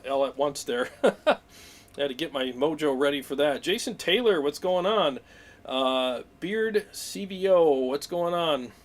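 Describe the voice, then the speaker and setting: A man hosting a weekly livestream, talking in an excitable, rambling way and greeting viewers by name. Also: medium pitch. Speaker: livestream host. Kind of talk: casual livestream chat.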